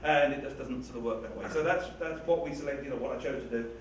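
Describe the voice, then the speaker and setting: Quick and mid-pitched, a writer or reader rambles through casual talk-back with a live audience in a hall, chatty, self-deprecating, and laughing frequently. It's captured from a distance in an echoey, noisy room.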